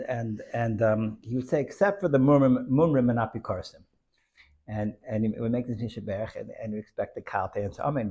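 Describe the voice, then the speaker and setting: A man's voice: mid-range voice, darkish tone, slightly rough. A man telling a Hasidic story in an informal lesson, rambling with many restarts and dropping in Yiddish and Hebrew terms.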